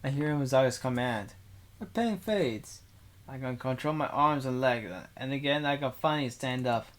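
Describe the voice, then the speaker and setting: A man's voice: mid-range voice, moderate pace. A young man reading a visual novel aloud into a desk microphone, breaking off for rambling casual asides.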